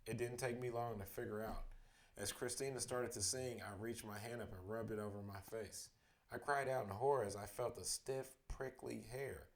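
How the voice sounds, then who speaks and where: Man narrating a bedtime story; lowish, steady, expressive. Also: normal speed. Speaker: storybook reader.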